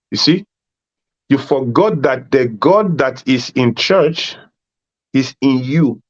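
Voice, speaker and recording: Man, emphatic preacher, mid-pitched voice, repeats phrases, muffled lo-fi recording. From Nigeria. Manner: emphatic, repeats phrases, acts out dialogues with rising voice. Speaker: speaker at a youth conference. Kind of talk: preaching talk. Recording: dull lo-fi sound.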